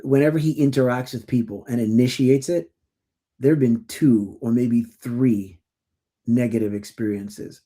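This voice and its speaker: A middle-aged man co-hosting a podcast, telling stories in casual conversation with many stammered restarts and lively acted-out quotes. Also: medium pitch. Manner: animated storytelling with acted-out quotes. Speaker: podcast co-host.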